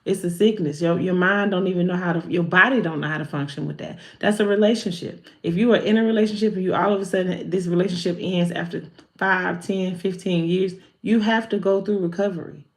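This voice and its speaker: A woman giving a live-stream spiritual talk as a card reader, animated, humorous and preachy, with a folksy way of talking. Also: fairly low pitch, fairly quick.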